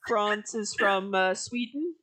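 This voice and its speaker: A woman's voice: mid-range voice, slow pace, a bit bright. A young American woman chatting casually with a friend, laughing often. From United States. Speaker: streamer co-host. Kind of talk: casual chat.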